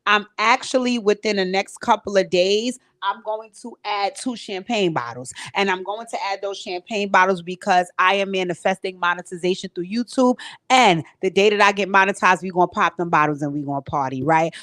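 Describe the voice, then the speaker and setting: A woman hosts a casual live stream from her home recording space, speaking directly and emotionally to viewers and becoming tearful at times. Her voice is mid-range and a bit bright, at a moderate pace.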